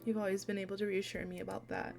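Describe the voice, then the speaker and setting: A young woman streams herself reading a romance visual novel aloud in a soft, unhurried voice at an ordinary middle pitch. She fills pauses with little hums and gentle laughs, and faint game music plays quietly behind her. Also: little pitch movement, gravelly.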